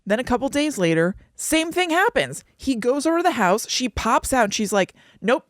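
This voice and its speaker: A woman's voice: a little high, very animated, brisk, dry recording. Chatty woman podcast host, dry sound. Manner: chatty, laughing, acts out quoted voices. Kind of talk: casual chat, retelling a TV episode.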